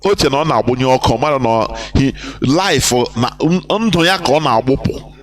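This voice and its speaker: A man's voice: medium pitch, expressive, moderate pace. A man from Nigeria, delivering impassioned political commentary on a live broadcast and asking rhetorical questions. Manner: impassioned, rhetorical questions, mixes in Igbo phrases. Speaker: activist broadcaster.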